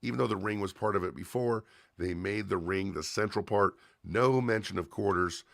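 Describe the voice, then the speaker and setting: A man's voice: deep voice, normal speed, creaky, no echo, clean studio sound. A man hosting a livestream, casually reviewing a wrestling show in a chatty, opinionated way with frequent fillers and restarts.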